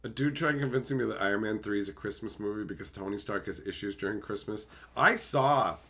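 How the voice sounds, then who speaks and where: A man hosting a casual livestream, chatting with viewers in a profane, animated way and slipping into quick silly impressions. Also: lowish voice. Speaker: livestream host. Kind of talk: casual livestream chat, reading viewer messages.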